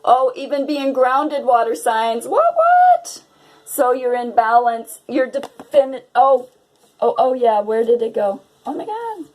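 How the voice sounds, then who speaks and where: A woman's voice: fairly high pitch, fairly even intonation, measured pace, a little mellow, low-quality recording. A woman giving a casual tarot reading to her viewers, dreamy and exclamatory. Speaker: tarot reader.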